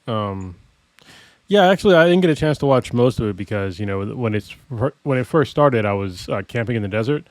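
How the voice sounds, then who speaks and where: A man's voice: medium pitch, animated, a little fast, dry recording. Dry-miked rambling casual man. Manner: rambling, loose, swears casually. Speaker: podcast co-host. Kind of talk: casual chat.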